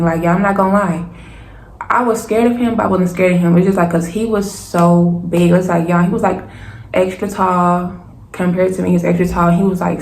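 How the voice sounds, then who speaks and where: A young woman, telling a personal story to her viewers in a lively, casual way and calling them y'all. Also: on the low side. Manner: animated, keeps addressing viewers as y'all. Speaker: storytime vlogger. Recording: echoey room with faint hiss.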